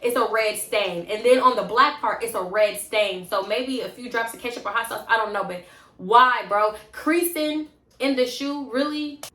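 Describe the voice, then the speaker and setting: A young woman telling a casual storytime vlog in an animated, blunt and profane way. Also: a little high, moderate pace. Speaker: storytime vlogger. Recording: roomy echo.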